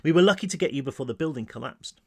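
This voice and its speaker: Brief: gentle, reassuring female army doctor in her forties, read by a male author, lively pitch. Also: rapid-fire, slightly rough. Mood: soothing. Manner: soothing, reassuring. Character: kind calm middle-aged woman army doctor.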